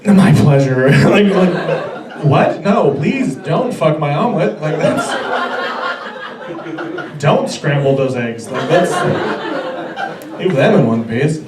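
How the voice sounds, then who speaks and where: A young man in his twenties, voice a little high and animated, does a slow stand-up set on a club stage, leaving long pauses. He rambles, runs himself down, and stammers into restarts. The roomy club audio catches him from far off, with the crowd laughing in the background.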